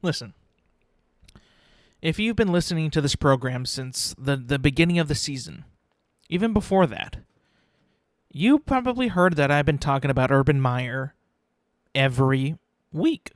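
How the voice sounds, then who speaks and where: A man hosting his own podcast, rambling in a casual, self-mocking way and slipping into quick mock voices. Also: a little high, no room sound, studio quality. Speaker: podcast host. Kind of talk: casual solo podcast rant.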